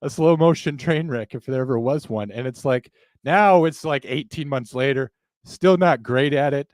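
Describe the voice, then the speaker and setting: A man's voice: medium pitch, normal speed, no echo. A man co-hosting a live podcast, rambling through jokes and profane asides. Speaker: podcast co-host.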